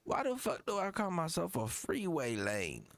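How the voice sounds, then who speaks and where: A breathless, aging rap star, as a man puts him on, boasting in a lifted, high voice that keeps running out of air. He sounds bewildered and crude. The voice is dry and close, and the pitch swings all over. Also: wildly swooping pitch, moderate pace, fairly bright tone, dry recording, full character voice. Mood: winded bragging. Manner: breathless, bragging, then bewildered.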